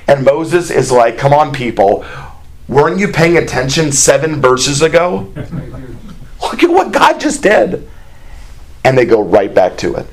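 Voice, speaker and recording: Male preacher, folksy and conversational, voice lifts when he reads scripture. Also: fairly high pitch. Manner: folksy, conversational, with plain asides and imagined dialogue; reads scripture aloud in a raised, more animated voice. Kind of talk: sermon.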